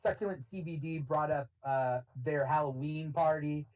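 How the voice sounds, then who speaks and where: A man's voice: fairly high pitch, moderate pace, far from the mic, muffled recording, a little hiss or hum. A man hosting a podcast, chatting casually and saying "like" a lot. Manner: relaxed, lots of "like". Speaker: podcast host. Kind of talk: casual chat.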